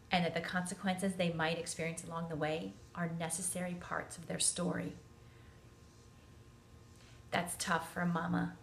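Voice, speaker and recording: A woman in her forties telling a family story in a chatty, animated way, acting out the quotes. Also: on the low side, slight background noise. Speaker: parenting vlogger. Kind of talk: casual storytelling to camera.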